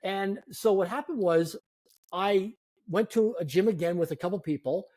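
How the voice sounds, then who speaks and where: A man in his fifties, a guest telling animated, self-deprecating stories in a conversation. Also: high-pitched, normal speed. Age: 50s. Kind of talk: storytelling in a conversation.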